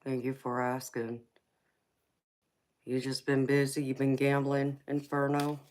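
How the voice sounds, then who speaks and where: Very deep and monotone, a woman's slightly mellow voice moves a little slowly as she hosts a tarot livestream with a Southern Georgia accent. While getting over a cold, she casually reads live chat comments, answering with sweetheart and honey.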